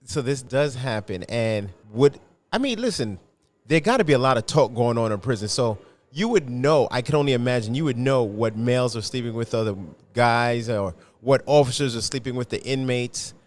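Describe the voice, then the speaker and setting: A man's voice: medium pitch, animated, normal speed. A man hosting a casual podcast, asking curious questions and reacting with frequent exclamations. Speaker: podcast host.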